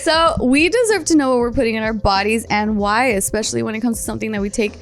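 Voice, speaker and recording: A woman podcast co-host, agreeable and quick to affirm, chatting and starting an ad read. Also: fairly high pitch. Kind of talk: casual chat and ad read.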